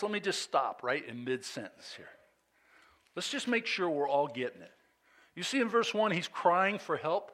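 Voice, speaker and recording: Animated, high-voiced male preacher. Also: moderate pace. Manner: reads scripture with rising intensity, conversational asides to congregation. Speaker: pastor. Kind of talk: sermon.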